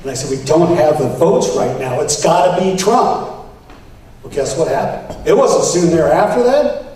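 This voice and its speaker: A man gives a campaign speech to a room of delegates, his fairly high voice ringing through a very echoey hall. He sits back from the mic, and a faint hiss runs underneath. He tells his story with emphasis and lifts his voice when quoting others. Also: animated, normal speed, dark tone, distant mic. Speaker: political candidate. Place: convention hall.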